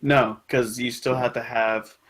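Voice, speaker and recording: A man running a tabletop role-playing game as game master, explaining rules in a relaxed way and laughing easily. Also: medium pitch, a little slow, rough recording.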